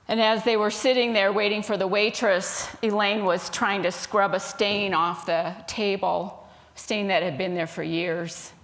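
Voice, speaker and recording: A woman minister giving a sermon, telling a story in a gentle, unhurried way. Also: on the low side.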